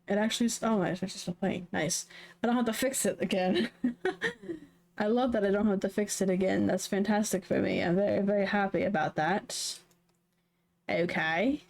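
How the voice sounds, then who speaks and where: A woman's voice: medium pitch, moderate pace, creaky, darkish tone. A woman from the Southern United States streaming live, chatting casually in a meandering way with many fillers. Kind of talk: casual chat.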